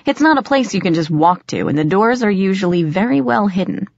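A woman's voice: medium pitch, lively intonation, a little fast, vocal fry, darkish tone, dry recording, lo-fi sound. A woman voicing a cocky, teasing teenage boy fairy trickster in an audiobook, breezy and grinning. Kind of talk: audiobook character voice.

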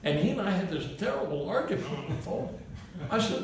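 Old guy in his 80s rambling thru stories, gravelly voice, roomy sound from far off the mic. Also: high voice, sing-song, fairly quick. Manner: chuckles at his own punchlines. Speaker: comedian. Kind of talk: rambling anecdotal monologue. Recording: roomy, distant mic, faint hiss.

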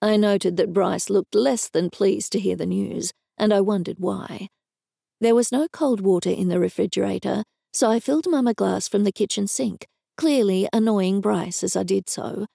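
Gravelly Australian woman narrating an audiobook. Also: mid-range voice, moderate pace, mellow, no echo, studio quality. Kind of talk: first-person audiobook narration.

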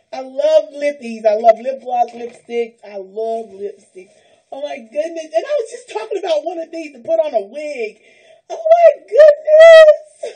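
A woman's voice: high voice, dark tone, breathy edge, low-quality recording. Gushing, teary woman unboxing gifts. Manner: gushing, squealing, near tears, praising God. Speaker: vlogger opening a gift package. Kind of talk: unboxing vlog, emotional chat.

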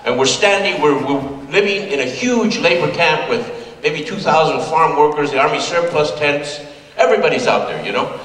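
An older man from California tells personal stories to an audience in a folksy, conversational talk, chuckling now and then at his own jokes. His voice is fairly high and fairly bright at a moderate pace, heard from far off in an echoey hall.

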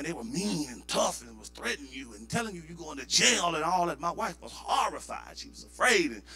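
A male pastor with a Southern US accent, preaching a sermon and building to shouted fervor. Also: fairly high pitch.

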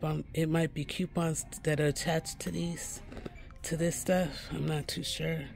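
Man, vlogger, chatty, slow-talking, self-correcting, faint music behind in the store. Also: fairly high pitch, vocal fry, a little mellow. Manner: chatty, repeats prices and corrects himself. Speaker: shopping vlogger. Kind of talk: casual in-store shopping walkthrough. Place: inside a pharmacy store.

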